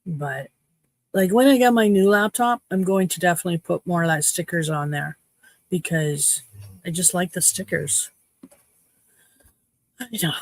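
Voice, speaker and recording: A Canadian woman in her fifties with a fairly low voice hosts a livestream, chatting casually with viewers in a cheeky, playful manner. She speaks unhurriedly with long pauses, and the recording has no echo.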